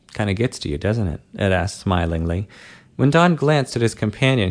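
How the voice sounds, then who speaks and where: A man narrating a story in a steady, measured audiobook reading. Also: mid-range voice.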